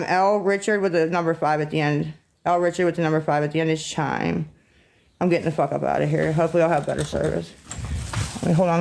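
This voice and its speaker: Gravelly-voiced woman streaming from her phone; agitated, swearing rant; faint noise behind. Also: sits low, rough recording. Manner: profane, agitated ranting. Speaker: livestreamer. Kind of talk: rambling live-stream talk.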